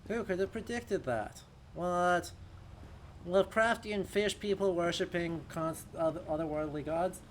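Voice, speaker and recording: High-voiced joking game streamer man. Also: a little slow, slight background noise. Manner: joking, sarcastic, slips into a mock announcer voice. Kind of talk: casual let's-play commentary.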